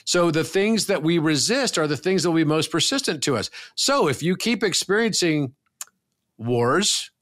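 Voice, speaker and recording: A man with a fairly high voice speaks as a guest on a talk podcast. His delivery is earnest and emphatic, and he lets a casual swear word slip now and then. The tone stays reflective and conversational. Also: animated, normal speed, a bit bright.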